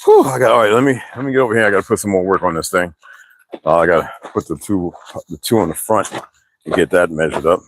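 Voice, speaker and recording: A man's voice: deep voice, fast talker, no echo. A man livestreaming casual, rambling chat, cursing often and laughing between stories.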